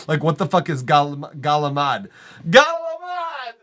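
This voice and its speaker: A man's voice: a little high, normal speed, fairly bright tone. A man from Montreal hosting a live music feedback stream, chatting casually, reading chat aloud, swearing and laughing often. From Montreal, Canada. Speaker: livestream host reviewing music. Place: home studio.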